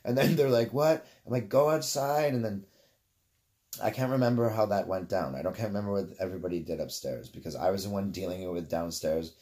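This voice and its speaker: A man's voice: deep voice, fast, dark tone. A Canadian man telling a story casually, swearing freely and wandering off on tangents. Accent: Canadian English. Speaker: vlogger.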